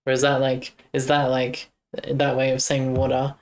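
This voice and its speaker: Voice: mid-range voice, completely flat delivery, moderate pace. A young adult, live-streaming game development and chatting casually with viewers while thinking aloud over code.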